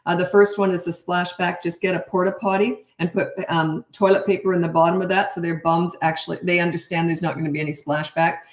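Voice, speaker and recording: A woman's voice: fairly low pitch, little pitch movement, quick pace, few pauses. A middle-aged woman coaching parents in a casual live Q&A, blunt and chatty, laughing at herself. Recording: roomy echo.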